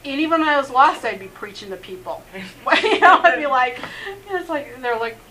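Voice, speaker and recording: A woman's voice: sits high, expressive, moderate pace, pushed and bright, rough recording. A middle-aged woman, a messianic rabbi, telling her personal testimony earnestly, laughing often and leaning on "you know". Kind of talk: personal testimony in a faith interview.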